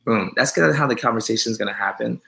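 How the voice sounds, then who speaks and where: A man's voice: mid-range voice, fast talker, gravelly, sharp tone. A man who is a dog groomer, chatting on a live stream, joking and teasing viewers as he rambles with many fillers.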